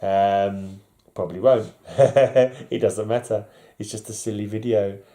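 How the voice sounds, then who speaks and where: A man's voice: lowish voice, fairly even intonation, slow, mellow. A man, chatting casually and bluntly in a rambling vlog, with frequent fillers and restarts. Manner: rambling, blunt, self-interrupting with fillers and laughs. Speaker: vlogger. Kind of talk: casual chat.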